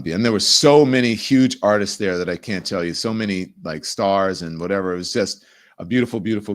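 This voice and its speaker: A middle-aged man hosting his own show, chatting in a rambling, effusive way before turning to emphatic news commentary. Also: low voice. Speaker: show host.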